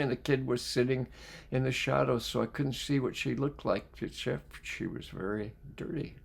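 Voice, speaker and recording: A man reading a book aloud as a life skills coach. He reads reflectively and pauses to put questions to his listeners. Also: medium pitch, creaky. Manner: reflective, poses questions to listeners between passages. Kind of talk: reading aloud with spoken asides.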